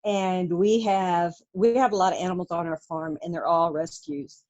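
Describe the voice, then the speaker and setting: A woman's voice: fairly low pitch, normal speed, a little mellow, lo-fi sound. A middle-aged woman, a true crime author, telling stories in a casual interview and laughing often.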